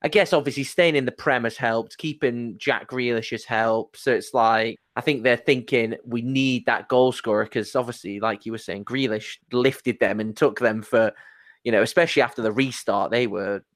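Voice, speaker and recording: A man hosting a casual football podcast, chatty and excitable, rambling with restarts. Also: medium pitch, normal speed, dry recording. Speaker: podcast host.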